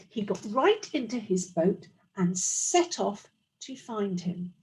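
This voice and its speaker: A woman's voice: mid-range voice, very animated, slow pace, a little mellow, a little hiss or hum, low-quality recording. A woman teacher reading a storybook aloud to young children, explaining as she goes.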